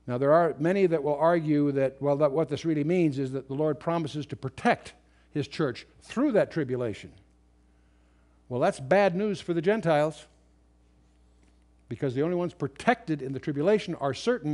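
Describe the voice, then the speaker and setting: Guy teaching bible verse by verse, kinda high voice, reads old king james lines then explains them, lots of uh and restarts. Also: a little mellow. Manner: unscripted, emphatic, with frequent restarts and fillers; reads scripture aloud in King James wording. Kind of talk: verse-by-verse Bible commentary lecture. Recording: remastered lecture recording.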